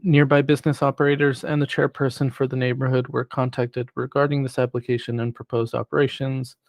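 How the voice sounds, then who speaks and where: Planning staff guy reading his report, steady, a bit of fry, mid pitch. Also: no echo. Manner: measured, reads prepared remarks. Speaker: city planning staff presenter. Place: city council chamber.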